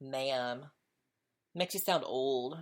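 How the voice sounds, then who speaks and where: A woman's voice: low voice, unhurried. A woman hosting her own podcast, talking candidly and chattily in a casual solo monologue, often repeating herself as she goes. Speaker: podcast host.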